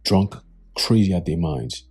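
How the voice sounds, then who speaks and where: A man's voice: low-pitched, expressive, a little slow, a little mellow, slightly rough. A man giving scornful, preachy commentary on the news and reading scripture, swearing freely. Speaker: religious commentator.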